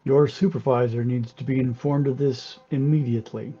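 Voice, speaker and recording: A man playing a tabletop game, speaking in a halting way full of ums. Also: mid-range voice, steady tone, mellow, husky, highs cut off, faint music behind. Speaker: player. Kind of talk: casual tabletop play.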